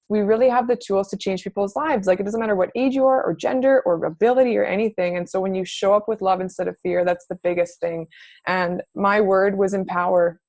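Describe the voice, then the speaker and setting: A woman's voice: mid-range voice, a little mellow, no echo. A woman fitness coach talking to her team on a video call, casual and gushing, full of "like". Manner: casual and gushing, says "like" often.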